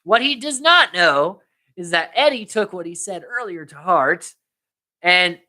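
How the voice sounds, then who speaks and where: A woman's voice: fairly low pitch, measured pace. A woman co-hosting a casual film podcast, retelling scenes with lots of acted-out quotes. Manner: animated retelling, acts out quotes in voices. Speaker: podcast co-host. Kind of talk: casual chat recapping a film.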